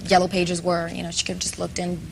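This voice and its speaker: A woman's voice: on the low side, monotone, quick pace, creaky, slight background noise. Chatty woman guest of Puerto Rican background. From Puerto Rico. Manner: chatty, rambling, many fillers. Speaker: actress guest. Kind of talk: talk show interview. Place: TV studio.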